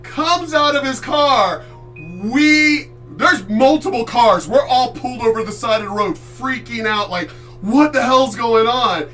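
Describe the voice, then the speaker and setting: A man from the Chesapeake Bay area telling a story in a casual, animated way, loud, swearing freely and acting out voices. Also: very high-pitched, measured pace, far from the mic, music in the background. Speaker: streamer host.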